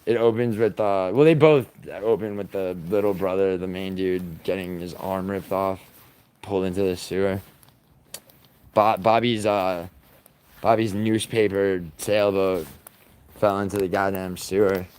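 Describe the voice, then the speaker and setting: A man's voice: low-pitched, steady tone, a little slow, a little mellow, clear, resonant tone. A man hosting a livestream, talking in a crude, profane and rambling way, mocking his chat. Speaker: livestream host.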